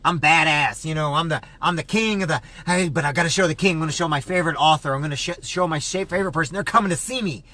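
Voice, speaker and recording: A man's voice: a little high, quick pace, hardly any pauses, bright, forceful tone. A man voicing his friend, a proud male Marine veteran, talking eagerly and boastfully with tumbling words. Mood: excited.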